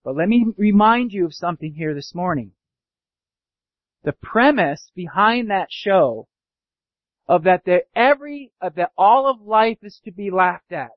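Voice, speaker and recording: A pastor preaching a sermon, animated, sometimes acting out sarcastic voices. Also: male voice, sits high, unhurried, no room sound. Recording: dull dry lo-fi sound.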